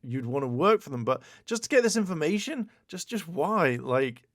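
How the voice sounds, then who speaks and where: Animated man riffing on gaming news. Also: fairly high pitch, normal speed, no echo, clean studio sound. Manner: animated, exclaiming, stammering repeats. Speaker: YouTube host. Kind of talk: casual news commentary.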